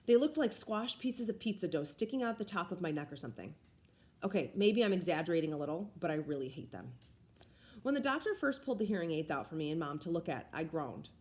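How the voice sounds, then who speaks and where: A woman reading a first-person children's novel aloud in an expressive style. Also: on the low side, fast. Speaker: reader. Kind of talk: audiobook read-aloud.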